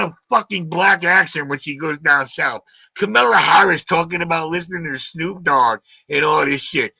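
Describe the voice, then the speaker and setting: Gravelly, combative man on a stream. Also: fairly high pitch, moderate pace, pushed and bright, no echo. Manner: combative, ranting, repeats "okay?". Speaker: live-stream host. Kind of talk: heated live-stream argument. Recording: dull lo-fi stream audio.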